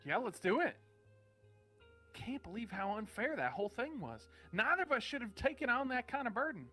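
Man, jokey, playful, very animated delivery, bright voice, let's-play chat. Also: very high-pitched, moderate pace, faint music behind. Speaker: co-streamer playing a game.

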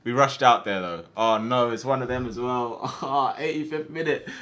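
A young man giving casual, slangy commentary over his own football video game matches, with sudden loud outbursts at big plays. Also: mid-range voice, moderate pace. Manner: casual slangy chat to viewers. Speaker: gaming video host. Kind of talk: live gameplay commentary.

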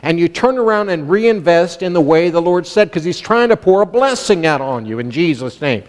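A man's voice: high-pitched, animated, normal speed. A man preaching a sermon as pastor, emphatic and calling out to his congregation. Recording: long hall reverb.

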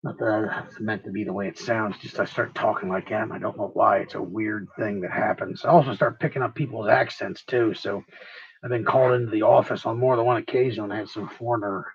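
A man's voice: fairly low pitch, steady tone, brisk, husky, lo-fi sound. A man livestreaming while he works on a craft project, tired, rambling and profane, mocking himself as he goes.

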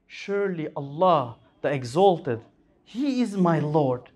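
Male preacher at a lectern mic, fervent sermon voice that swoops high and low. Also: big pitch swings, unhurried. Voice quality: impassioned, rising and falling delivery. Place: Islamic center hall.

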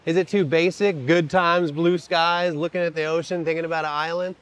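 A rapper and songwriter talking casually while working out a song, loose, rambling and profane, laughing often. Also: male voice, a little high, steady tone, brisk, fairly bright tone, clean tone. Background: his own acoustic guitar playing.

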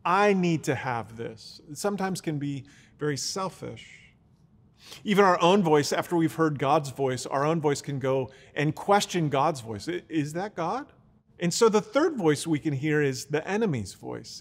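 Man, pastor, sermon, earnest teaching delivery, somewhat high voice, long hall reverb. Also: lively intonation, normal speed.

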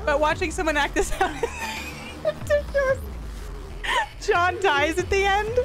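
A woman's voice: very high voice, moderate pace, over music, poor audio. A woman streamer giving live commentary on a game, laughing hard and exclaiming at the screen. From US East Coast.

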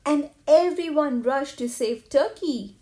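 A woman narrating a children's picture book aloud, in a clear, even storytelling manner. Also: high voice, takes it slowly.

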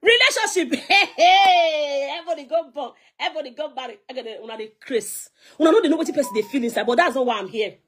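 High-voiced Nigerian woman ranting hotly. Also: expressive, fast talker, hardly any pauses, fairly bright tone, slight background noise. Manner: confrontational, scolding, mixes pidgin with English. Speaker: social media personality. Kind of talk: heated live video rant.

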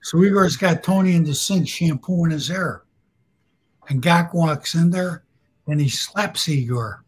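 Husky man telling blunt barbershop stories. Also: fairly high pitch, a little slow. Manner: blunt, swearing, laughs at his own stories. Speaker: guest storyteller. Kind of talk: casual storytelling.

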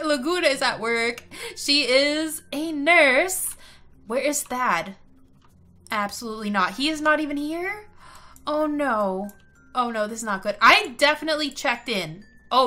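High, bright chatty gamer woman. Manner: chatty, excitable, giggly. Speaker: gaming video host. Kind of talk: gameplay commentary.

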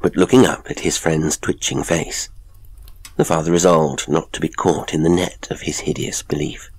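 A man narrating a classic horror story in a measured, atmospheric way. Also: a bass voice, flat delivery, darkish tone, husky. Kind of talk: scripted horror audiobook narration.

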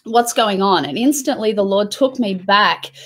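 A woman's voice: mid-range voice, moderate pace, fairly bright tone. A woman in casual conversation, earnestly telling an emotional story of a prayer experience. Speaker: host. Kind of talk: casual chat.

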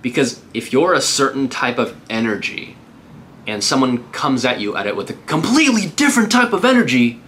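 Man, real estate agent, casual upbeat tutorial, bright clear voice. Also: mid-range voice, very animated, a little fast, slight background noise. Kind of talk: cold-call tutorial with live calls.

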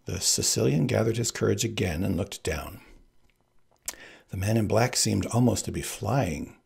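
A man reading a novel aloud in an expressive, animated way. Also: lowish voice, normal speed, gravelly, husky. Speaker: reader. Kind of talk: audiobook narration.

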